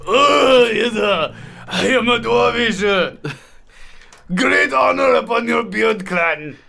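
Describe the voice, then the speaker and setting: Man doing a loud, high, over-the-top jolly dwarf for a tabletop game. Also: lively intonation, slow, vocal fry, exaggerated voice. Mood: booming. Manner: shouted over-the-top greeting. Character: booming jolly male dwarf with silly accent.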